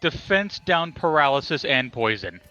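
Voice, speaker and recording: Bright-voiced young man chatting about games. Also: on the high side, very animated, normal speed, clear, resonant tone, muffled recording, faint music behind. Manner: enthusiastic, swears, quizzes friends about monster trivia. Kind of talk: casual chat.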